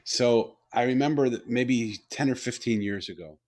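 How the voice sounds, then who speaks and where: A middle-aged man, an author and company head, telling a personal story in an unhurried, reflective way during a conversation. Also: mid-range voice, a little mellow. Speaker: author and CEO, interview guest.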